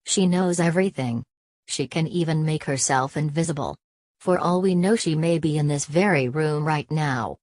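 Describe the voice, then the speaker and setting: A woman's voice: deep voice, moderate pace, darkish tone, no room sound, close to an everyday voice. A woman voicing a grouchy, suspicious old male dwarf in a storybook reading. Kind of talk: storybook character voice.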